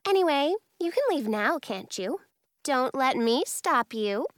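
A woman's voice: high voice, big pitch swings, measured pace, no echo, clean studio sound. A woman voicing a sly female fairy who brushes things off with a shrug. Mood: offhand. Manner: offhand, shrugging.

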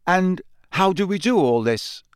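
An earnest teenage schoolboy in an audiobook, voiced by a man, asking plain, direct questions. His voice is lively in pitch and recorded dry and close. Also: measured pace, smooth, dry recording. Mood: curious.

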